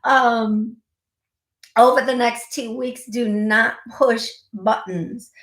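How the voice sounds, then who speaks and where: Woman psychic radio host, slow, giggly, gives firm repeated advice; roomy echo. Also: on the high side, steady tone. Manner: warm, giggly, direct advice with repeated warnings. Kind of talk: call-in psychic reading.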